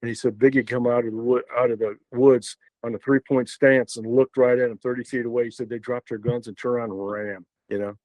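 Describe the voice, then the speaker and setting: A man's voice: mid-range voice, flat delivery, a little fast, hardly any pauses, darkish tone, no room sound, rough recording. An older man, a podcast guest telling a story in a loose, rambling way with many fillers and restarts. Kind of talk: casual storytelling.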